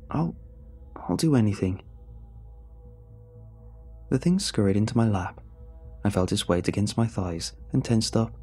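A man narrating a horror story in first person, with steady, measured storytelling. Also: lowish voice, husky.

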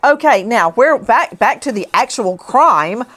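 A woman's voice: on the high side, lively intonation, unhurried, fairly bright tone. A woman hosting a true crime broadcast, talking emphatically with indignant rhetorical questions. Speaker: host.

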